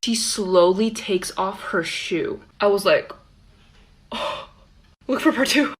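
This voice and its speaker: A woman telling a childhood story time in a casual, animated, playful way. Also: mid-range voice, slow.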